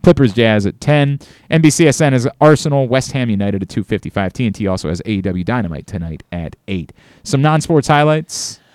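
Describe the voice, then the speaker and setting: Animated, brash male radio host. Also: medium pitch, fairly quick, no room sound, studio quality. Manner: brash, teasing, swings from mock outrage to laughter. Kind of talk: casual sports radio chat. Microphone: studio microphone.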